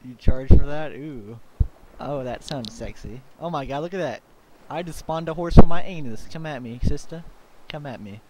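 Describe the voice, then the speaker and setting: A man's voice: on the high side, normal speed. A man taunting other players in a mocking, teasing drawl over voice chat. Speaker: game trolling video host. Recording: noisy voice chat capture.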